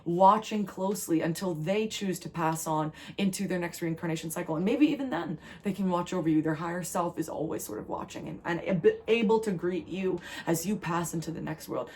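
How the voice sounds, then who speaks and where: A woman's voice: fairly low pitch, darkish tone. A woman from New Jersey, a tarot reader, giving a spiritual channeled message in an earnest, rambling, emotional way. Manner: earnest, rambling, emotional delivery in quick bursts.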